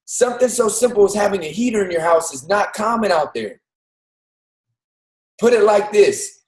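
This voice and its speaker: A man's voice: high-pitched, echoey room, rough recording. A man co-hosting a live motivational show on a video call, preaching to listeners and urging them again and again to think about it. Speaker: physical therapist. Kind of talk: motivational talk.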